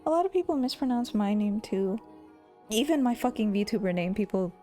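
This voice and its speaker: A woman's voice: medium pitch, expressive, normal speed, dark tone, soft background music. A young woman from the Philippines with an American accent, chatting playfully on a live stream, laughing often and swearing casually.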